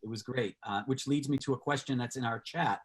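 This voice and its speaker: Halting male talk-show host. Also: mid-range voice, husky. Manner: halting, filler-heavy questions. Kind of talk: online talk show interview.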